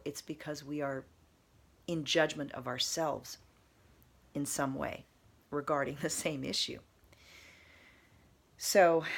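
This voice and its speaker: A woman vlogger telling a personal story in a casual, earnest, meandering way, repeating soft emphatic phrases. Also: sits low, creaky.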